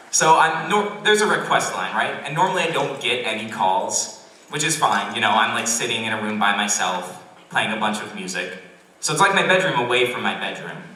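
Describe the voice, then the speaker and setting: A young man doing a stand-up set at a college comedy club, awkward and self-deprecating, with halting restarts. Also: on the low side, pushed and bright, slight background noise. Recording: roomy distant club recording. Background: audience laughter.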